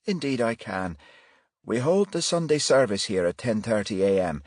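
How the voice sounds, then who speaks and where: A man voicing a middle-aged male pastor with a soft Irish brogue and a solemn, gentle manner. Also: lowish voice, sing-song, normal speed, no echo, clean studio sound. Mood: gently solemn.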